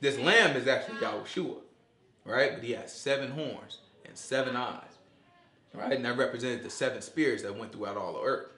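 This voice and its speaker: A man leading an informal Bible study, lively and acting out scenes in quoted voices. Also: mid-range voice, normal speed. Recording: echoey room.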